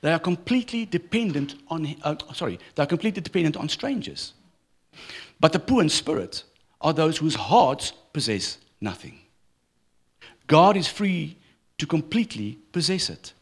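A man's voice: a little high, normal speed, slightly rough. A middle-aged man preaching a sermon in church, telling stories with humor. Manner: storytelling with humor, lively delivery. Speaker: pastor.

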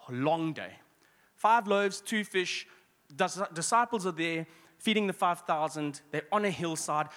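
A man preaching a sermon as pastor, conversational with quick asides and restarts. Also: sits high, a bit bright, in a large hall.

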